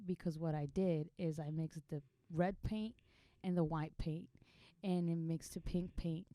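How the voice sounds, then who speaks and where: A young woman from Israel with an Israeli accent, a podcast co-host telling a story in animated, laughing casual chat. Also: low voice, normal speed, no room sound. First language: Hebrew. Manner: animated, laughing, acts out voices in anecdotes.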